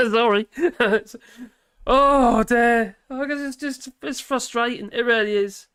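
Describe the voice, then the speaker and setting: A man's voice: very high voice, slow pace, fairly bright tone, smooth. A man hosting a live stream in casual chat, rambling, laughing often and trailing off mid-sentence.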